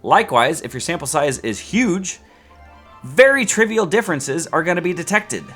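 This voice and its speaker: A man teaching statistics in a playful, sarcastic, animated way. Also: fairly high pitch, normal speed, soft background music. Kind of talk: scripted educational video.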